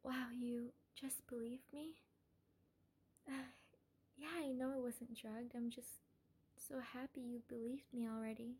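Young woman as a doting, possessive kidnapper; whispered role-play, high, mellow, airy voice. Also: level tone, measured pace, heavily acted. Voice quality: breathy, half-whispered. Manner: gentle, coaxing, calls listener darling. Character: obsessive doting female kidnapper, soft and possessive. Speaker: audio role-play performer.

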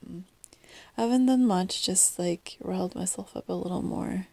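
Groggy whispering woman, low and gravelly. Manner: hushed and halting, many fillers, soft laughs. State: groggy morning voice. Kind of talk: whispered intimate monologue. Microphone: close mic.

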